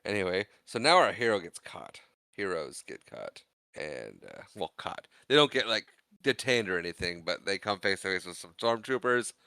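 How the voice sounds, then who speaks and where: Bright, crisp-voiced man recapping a movie. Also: sits low, moderate pace, no echo. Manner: animated, acts out quotes in funny voices. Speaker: podcast co-host. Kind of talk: casual movie recap chat.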